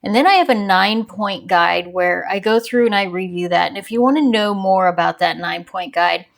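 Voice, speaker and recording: A woman's voice: mid-range voice, moderate pace, gravelly. A woman hosting a crochet channel, giving a casual yarn review in a chatty, rambling way that wanders off on tangents. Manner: chatty and rambling, digresses with small laughs.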